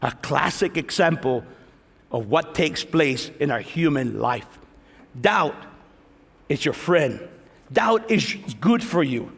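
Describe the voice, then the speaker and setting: A man pastor preaching a sermon to a congregation in a large church, animated, acting out prayers and teasing the listeners. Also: fairly high pitch, slow, gravelly, long pauses, husky. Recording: long reverb of a large hall.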